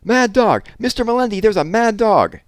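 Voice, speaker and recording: A man voicing a flustered older woman cook, raising his voice high and shrill as she panics. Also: animated, normal speed, no room sound, clean studio sound. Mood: panicked.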